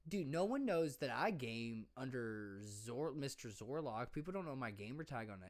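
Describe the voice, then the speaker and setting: A man's voice: medium pitch, expressive, normal speed. A young man co-hosting a casual podcast, tipsy, rambling with lots of fillers, restarts and swearing. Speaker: podcast co-host. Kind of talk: casual drunk chat.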